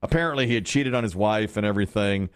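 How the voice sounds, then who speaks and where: A man's voice: lowish voice, fast, no room sound, studio quality. A middle-aged man hosting a morning radio show, chatting casually and joking with frequent laughs.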